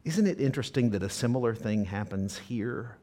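A man's voice: medium pitch, lively intonation, normal speed, mellow. A male pastor giving a sermon to a live congregation, preaching conversationally, asking the audience questions and acting out scripture quotes with drama. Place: church service before a congregation.

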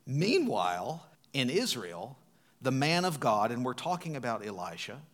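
A man preaching a sermon as a pastor, retelling a scripture story expressively, swinging from loud emphasis to hushed tones. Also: mid-range voice, sing-song, a little slow.

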